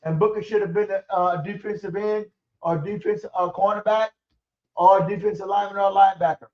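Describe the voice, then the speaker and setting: A man's voice: high voice, steady tone, brisk, darkish tone, far from the mic, dull audio. A man ranting angrily and profanely about his football team on a stream. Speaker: sports commentary streamer. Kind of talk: angry sports rant.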